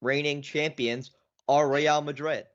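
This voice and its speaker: A man's voice: on the high side, fairly even intonation, measured pace, fairly bright tone. A man co-hosting a sports podcast in casual chat, rambling and circling back with lots of filler phrases. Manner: rambling, lots of "you know" and restarts. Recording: dull lo-fi podcast audio.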